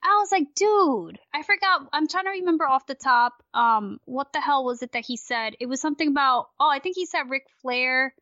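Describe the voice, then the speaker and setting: A woman guest on a casual podcast, ranting in a rambling, profane, animated way. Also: sits high, fairly quick, hardly any pauses, no room sound, lo-fi sound.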